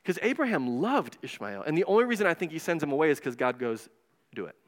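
A man preaching a casual, animated sermon in a church, retelling stories and acting out the voices with quick asides. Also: on the high side. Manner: animated, digressive, acts out voices. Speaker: pastor. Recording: long hall reverb.

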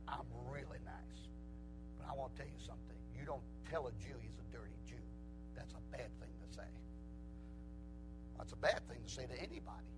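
A man preaching an old-fashioned sermon, swinging from quiet storytelling to shouted preaching. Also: on the high side, sing-song, a little fast, over music, poor audio.

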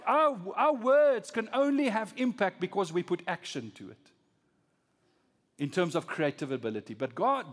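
A pastor preaching a sermon, swinging from loud rising emphasis to low, soft lines. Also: male voice, big-room sound.

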